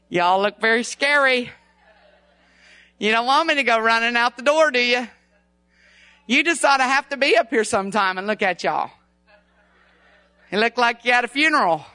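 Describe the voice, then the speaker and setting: An older woman delivers a church sermon as a guest preacher. Her tone is bright and clear. She talks in a folksy, lively way and rises in pitch when she drives a point home. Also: no room sound. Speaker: visiting preacher.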